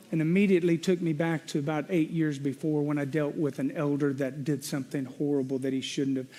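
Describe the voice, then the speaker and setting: A middle-aged male pastor preaching a sermon, telling a personal story and shifting between loud venting and quiet reflection. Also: fairly high pitch, little pitch movement, brisk, hardly any pauses.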